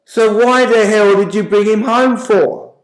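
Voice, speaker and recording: A man putting on a fed-up Aussie housewife, shrill and high, slow scolding delivery, echoey room. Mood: exasperated. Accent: Australian. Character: flustered angry Aussie housewife. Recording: roomy echo.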